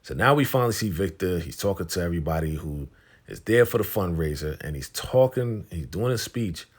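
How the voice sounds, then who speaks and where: Low-voiced man recapping a TV episode. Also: lively intonation, brisk. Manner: slangy, chatty retelling that paraphrases characters' lines. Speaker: TV recap host.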